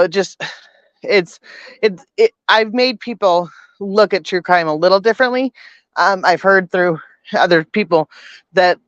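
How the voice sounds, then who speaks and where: A woman's voice: fairly low pitch, dry recording, lo-fi sound. A woman guest telling her story in casual chat, rambling with many false starts.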